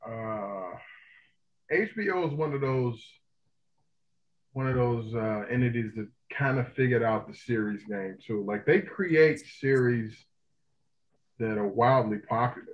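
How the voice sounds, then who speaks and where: A man co-hosting a casual pop-culture podcast, ranting heatedly and with a lot of profanity, often breaking into loud outbursts. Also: medium pitch, unhurried, pauses often, highs cut off. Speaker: podcast co-host.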